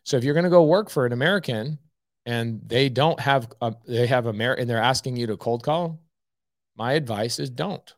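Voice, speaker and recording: A man's voice: medium pitch, moderate pace, dry recording, studio quality. A man hosting a live stream, giving blunt, emphatic coaching advice and saying "okay" often. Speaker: host.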